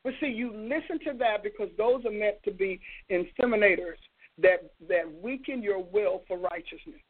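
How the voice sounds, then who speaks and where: A woman's voice: mid-range voice, normal speed. A woman hosting a preaching broadcast, emphatic and scolding, with rhetorical questions. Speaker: host and preacher. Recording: tinny phone-line sound.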